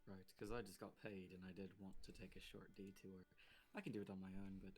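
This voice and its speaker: A man's voice: deep voice, flat delivery, fast, a little mellow. A man playing a tabletop game, chatting casually and speaking partly in character. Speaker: player. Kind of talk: casual tabletop role-play.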